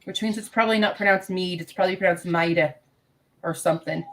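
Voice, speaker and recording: A woman's voice: lowish voice, fast, a bit bright. A woman book vlogger in casual chat, chatty and playful. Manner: chatty, playful, baby talk to her pet bird.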